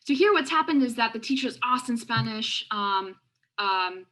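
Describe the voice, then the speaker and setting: Woman academic, webinar lecture, fairly high voice, hesitant and full of fillers. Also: lively intonation, pushed and bright. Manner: halting, frequent fillers and restarts. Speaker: education researcher presenting a webinar. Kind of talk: lecture narrating classroom video clips. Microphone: video call with screen sharing.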